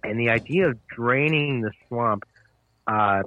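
A man's voice: medium pitch, a little slow, bright, forceful tone, no echo. Nineteen-year-old man on a tinny phone line. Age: teens. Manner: hesitant, fills with uh and um. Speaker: guest. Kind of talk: casual political chat.

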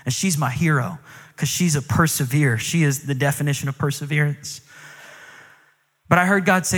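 A man in his thirties preaching a storytelling sermon as a guest speaker, animated and acting out the dialogue in his stories. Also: normal speed, pauses often. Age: 30s. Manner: animated, acts out quoted dialogue, pitch climbs with emotion. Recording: long reverb of a large hall.

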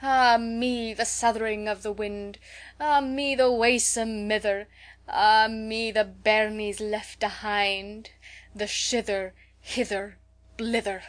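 A woman reading a bold, teasing schoolgirl from a storybook, higher and louder than the narration. She is emphatic and likes to sound grand and solemn in fun. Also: expressive, moderate pace. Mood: reciting. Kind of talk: audiobook character voice.

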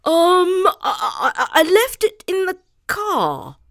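A woman's voice: extremely high pitch, wildly swooping pitch, slow pace, fairly bright tone, no room sound, pitched above the performer's own voice, heavily acted. A panicky rich young man from a read-aloud children's story, whining and stumbling over his words, as a woman puts him on. The voice sits well above the reader's own and sounds strained. The recording is dry and close. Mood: flustered. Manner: stammering, whiny.

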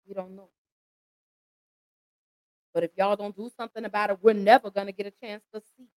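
An American woman speaks with passion and urgency, pleading directly with her audience and calling them y'all. Her voice sits at an ordinary middle pitch. The recording is dry and close, with no room sound. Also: little pitch movement, brisk, darkish tone, dry recording, rough recording. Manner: impassioned, pleading, addresses listeners as y'all. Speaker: host. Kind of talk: emotional commentary.

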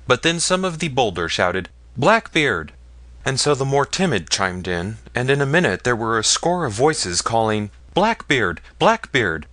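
A man with a mid-range voice narrates an audiobook in a measured, even storytelling manner. It's scripted narration with no room sound.

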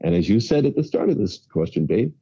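A man talks politics at a rapid clip, stacking emphatic points one after another. His voice is dark and mellow with a husky edge. The recording sounds dull and lo-fi, like a remote feed. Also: lowish voice, sing-song. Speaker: political panelist. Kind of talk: political commentary chat.

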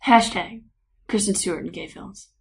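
A woman's voice: medium pitch, moderate pace, vocal fry. A woman co-hosting a podcast, chatting casually with playful, rambling musings. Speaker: podcast co-host. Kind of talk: casual chat.

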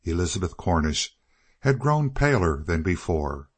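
A male narrator with a low, deep voice reads an old Western novel in a measured, steady way. The recording is dry and close, with no room sound. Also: husky, no echo. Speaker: audiobook narrator. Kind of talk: scripted narration.

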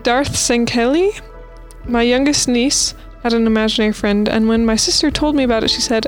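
Woman, podcast co-host, higher voice, casual, playful, reading spooky stories aloud, light music bed. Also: moderate pace. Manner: reads posts aloud with playful asides and laughs.

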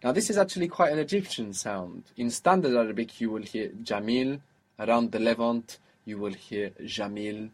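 A man's voice: mid-range voice, brisk, few pauses. A man teaching a spoken Arabic lesson, explaining patiently and prompting his student with questions.

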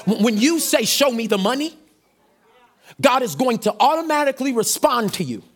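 A middle-aged man, a pastor preaching a sermon energetically, shouting call-and-response lines to his congregation. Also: extremely high pitch, sing-song, moderate pace.

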